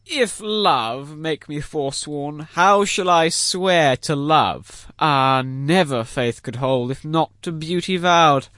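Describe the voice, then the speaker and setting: A man's voice: on the high side, takes it slowly, few pauses, no room sound, studio quality. A man playing a fawning country curate. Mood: reciting. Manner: flattering, earnest. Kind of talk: stage acting in verse.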